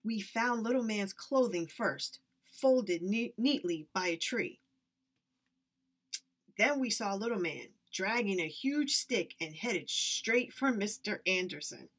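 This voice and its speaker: A woman reads a children's story aloud, with lively, expressive narration. Her pitch sits in the middle range for a woman. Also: measured pace. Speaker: reader.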